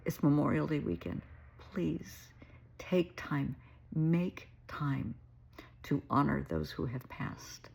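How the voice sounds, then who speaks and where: A woman's voice: low voice, takes it slowly, vocal fry, slightly rough. A middle-aged woman, a therapist, talking straight to her viewers in an earnest, emotional and caring way. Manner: warm, earnest, emotional, addresses viewers as sweetheart. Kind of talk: heartfelt direct-to-camera talk.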